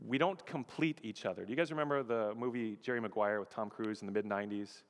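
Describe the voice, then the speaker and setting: A man preaching a sermon as pastor, lively, acting out quotes and putting questions to the congregation. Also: fairly low pitch, quick pace, in a large hall. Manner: animated, acts out quotes, asks the audience questions.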